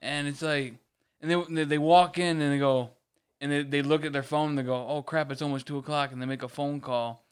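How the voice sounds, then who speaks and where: A man's voice: on the high side, steady tone, fairly quick, clean tone. A man in casual podcast chat, ranting about a late customer and acting out both sides. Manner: ranting, repeats words, acts out quoted customers. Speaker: podcast co-host.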